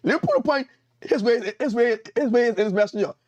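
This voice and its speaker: A man's voice: very high-pitched, fast talker, dry recording, highs cut off. A man with a Caribbean accent preaching a sermon as an evangelist, emphatic and repetitive, calling out to his congregation. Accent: Caribbean English.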